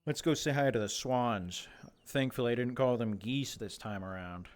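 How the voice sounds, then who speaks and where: A man's voice: mid-range voice, normal speed. A young man streaming a game in casual, rambling chatter, joking and talking to animals, his voice a little worn. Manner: rambling, jokey, talks to animals in a mock interviewer voice. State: slightly losing his voice.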